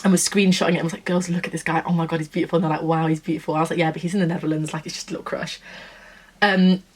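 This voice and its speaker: Racing through a casual storytelling vlog, a Nottingham woman in her twenties gushes and chats, performing the quotes of the people involved. Her low, darkish, slightly rough voice has a flat delivery.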